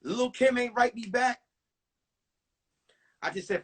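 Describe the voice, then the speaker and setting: A young man, telling a profane, animated comic story in a one-man live-streamed show. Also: high voice, measured pace, pauses often, breathy edge. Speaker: comedian.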